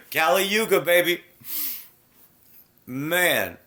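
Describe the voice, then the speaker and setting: A man delivering a heated, profane spiritual rant straight to camera. His voice is bright and forceful, and its pitch swings widely as he preaches. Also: animated, very slow.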